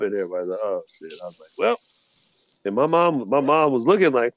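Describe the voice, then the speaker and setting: A man co-hosting a podcast, telling stories with expressive, laughing banter. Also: medium pitch, moderate pace, no echo. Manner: storytelling, expressive, laughs often. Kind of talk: casual banter.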